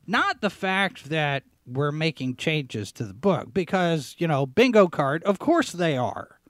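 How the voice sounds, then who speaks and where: A man hosting a talk show, giving sarcastic commentary as he reads out headlines, often clearing his throat and restarting his sentences. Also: a little high, sing-song, unhurried, a bit bright, no room sound, studio quality. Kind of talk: opinionated commentary, reading headlines.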